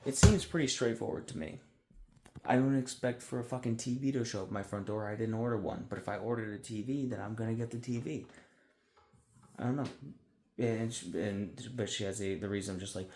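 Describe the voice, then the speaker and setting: A man's voice: on the low side, fairly even intonation, brisk, a little mellow. A man venting in a rambling, exasperated, profane way in a casual monologue. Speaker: vlogger.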